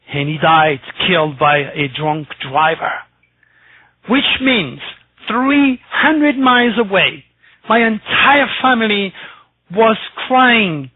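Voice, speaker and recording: A man's voice: high-pitched, no room sound. A man from France, an astrologer guest telling a personal story on a radio interview, emphatic and repeating his words. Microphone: telephone. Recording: tinny phone line, dry.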